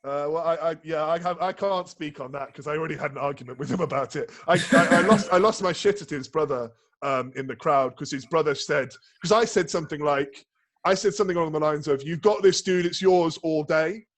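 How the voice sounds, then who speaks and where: A man with a somewhat high voice talks as a guest on a casual podcast. He tells animated, rambling stories, swears freely and restarts his sentences often. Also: quick pace. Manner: rambling, profane, lots of restarts and fillers; animated storyteller. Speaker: guest, bodybuilding prep coach.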